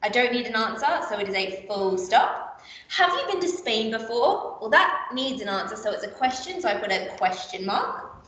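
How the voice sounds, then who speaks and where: A woman teaching a recorded literacy lesson to young pupils, her voice bright and fairly high. She explains patiently and step by step, trying on lively example voices as she goes. The sound is roomy and echoey, as if the mic sits a little way off. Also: moderate pace, recorded from a distance. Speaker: primary school teacher. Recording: echoey room, voice a bit off-mic.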